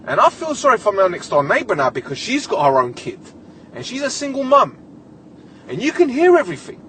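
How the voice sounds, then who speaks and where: Hosting a solo podcast, a young man rants his way through a comic story, exasperated and swearing freely. His sharp, high voice moves a little fast and swings hugely in pitch, over a faint background hum.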